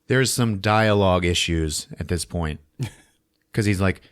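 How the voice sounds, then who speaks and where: A man hosting a podcast, giving a comedic movie recap in a lively, profane style and laughing often. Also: low voice, measured pace, clear, resonant tone. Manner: animated, swearing, laughing often. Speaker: podcast host.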